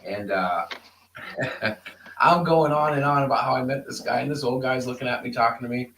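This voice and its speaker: A man telling excitable, laughing stories in a casual video call chat. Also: medium pitch, moderate pace, slight background noise, poor audio.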